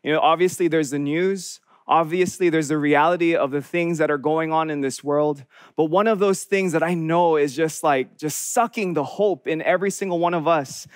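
A young man delivering a sermon as a college pastor, speaking earnestly in a loose, conversational way. His voice sits fairly high, and the recording is close and dry, with no room sound around him. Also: moderate pace, dry recording. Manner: earnest, conversational preaching with restarts.

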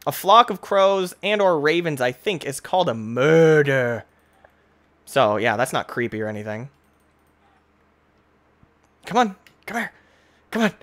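A young man giving playful, excitable commentary on a Minecraft let's play, talking to the animals in the game. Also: on the high side, unhurried, long pauses. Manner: goofy, excitable, talks to animals. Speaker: gaming YouTuber.

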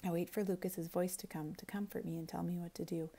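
A woman teacher reading a novel aloud, expressive, quiet and intense. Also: fairly low pitch, quick pace, vocal fry.

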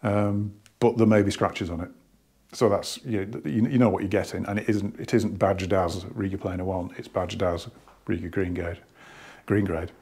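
A man's voice: deep voice, steady tone, normal speed, darkish tone, slightly rough. A man who runs a hi-fi shop, talking casually to camera about turntables, rambling and restarting often, out of breath. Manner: rambling, hesitant, many restarts. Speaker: hi-fi shop owner. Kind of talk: casual product talk to camera.

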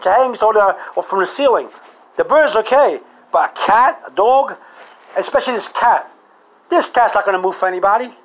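A man vlogging a comic monologue to camera, animated and full of rhetorical questions. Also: very high-pitched.

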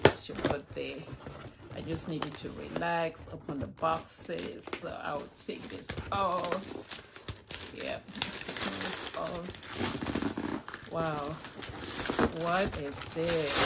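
A middle-aged woman chatting casually in a home vlog, exclaiming excitedly while she opens gifts. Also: on the low side, heavy background noise. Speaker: vlogger.

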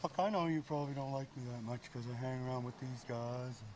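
An actor playing a gentle, excitable trailer park man who pleads earnestly. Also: mid-range voice, quick pace, a little hiss or hum, lightly acted, low-quality recording. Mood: pleading.

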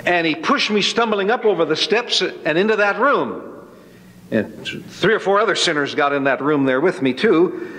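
A man's voice: high-pitched, expressive, normal speed, fairly bright tone. A man giving a spoken personal testimony, telling it as a folksy, dramatic story. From Northern California. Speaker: testimony speaker. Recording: long hall reverb.

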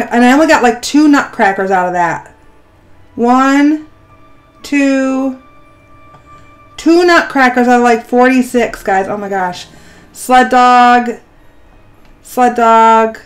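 A middle-aged woman with a high voice hosts a gaming vlog and narrates her play aloud. She gasps and squeals with delight at each new find. Faint game music plays behind her. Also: slow pace, pauses often. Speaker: gaming channel host. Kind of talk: excited gameplay vlog narration.

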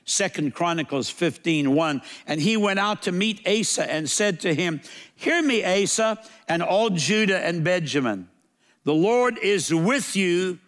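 A man pastor preaching a sermon in a church sanctuary, earnest, with slow and emphatic repeated phrases. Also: fairly high pitch, a bit bright.

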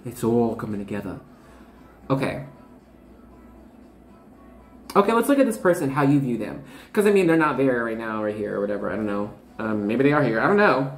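This tarot reader, a woman in her 20s, has a very deep, animated voice and talks at a quick pace, with roomy acoustics and soft music behind her. Her reading for viewers is casual and rambling, packed with fillers, bubbly asides and self-interruptions.

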